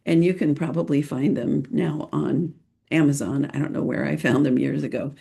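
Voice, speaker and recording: A middle-aged woman hosting a podcast, chatting casually and playfully about photographing children, laughing often and pausing with lots of ums. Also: deep voice, gravelly, a little mellow. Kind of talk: casual podcast talk, giving tips.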